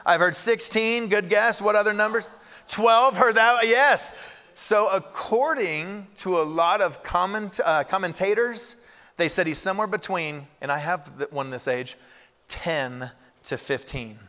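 A man in his thirties preaching a sermon, animated and acting out prayers and Bible voices. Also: high voice, a little slow. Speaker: pastor. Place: large church hall. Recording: reverberant hall.

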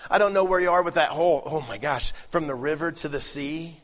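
Animated preacher in a reverberant hall. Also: male voice, a little high, fairly quick. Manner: animated, joking, swings between loud and hushed. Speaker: pastor. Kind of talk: sermon. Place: large church hall. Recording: live sermon with long hall reverb.

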